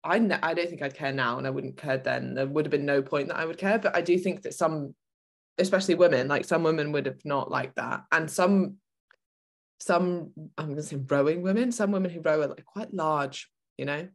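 A woman's voice: low voice, fairly quick, gravelly. A British woman co-hosting a podcast, reading listener comments aloud in a casual, slightly hesitant way. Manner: easygoing, hesitant with fillers, self-deprecating.

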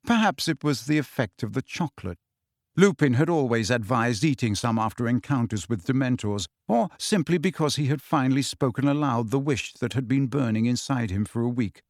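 Man reading an audiobook, measured and steady, dry close mic. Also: mid-range voice, no room sound. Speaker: audiobook narrator. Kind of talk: scripted narration.

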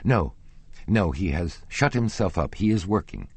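Man reading frightened young woman, audiobook, husky low voice, trembling, pleading. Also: expressive, measured pace, darkish tone, dry recording, full character voice. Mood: frightened, evasive.

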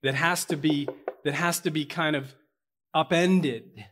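A man's voice: a little high, steady tone, a little slow, fairly bright tone. A man preaching a sermon to his church, earnest and building to emphatic peaks. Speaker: pastor.

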